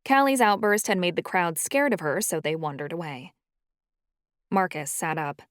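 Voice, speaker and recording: A woman narrating a first-person audiobook in a steady storytelling manner on a close mic. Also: fairly low pitch, normal speed, no echo.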